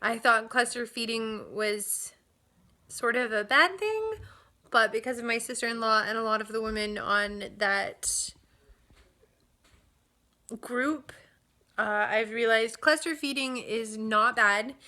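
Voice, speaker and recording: Bright-voiced chatty young mother. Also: fairly high pitch, slow pace, long pauses. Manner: chatty, upbeat, with laughs and fillers. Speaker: vlogger, new mother. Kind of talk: casual chat. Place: home nursery.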